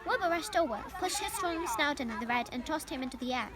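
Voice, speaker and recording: A woman's voice: high voice, expressive, fast talker, crowd noise. A young woman from Ukraine, a native Ukrainian speaker, carefully reading a children's novel aloud in English with small slips. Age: young adult. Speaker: reader.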